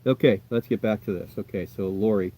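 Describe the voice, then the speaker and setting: A low-pitched American man chats loosely with his livestream audience about his tarantulas. His tone is dark and mellow, and he rambles and reassures. His voice often drops off to a mutter. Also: a little fast. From United States. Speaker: tarantula keeper answering live chat. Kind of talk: casual livestream chat.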